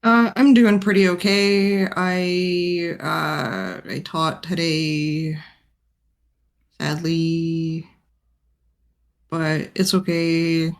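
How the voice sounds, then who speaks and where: A woman's voice: low-pitched, extremely slow, long pauses. Rambling, laughing woman telling stories. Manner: rambling storyteller, swears freely, laughs often. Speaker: art teacher and tabletop game player. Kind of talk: casual chat on a game stream.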